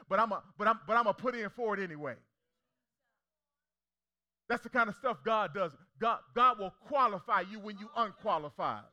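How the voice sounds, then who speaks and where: A man's voice: sits high, lively intonation, fairly quick, sharp tone. A young man preaching a sermon as pastor, with emphatic repetition and call-and-response questions to the congregation.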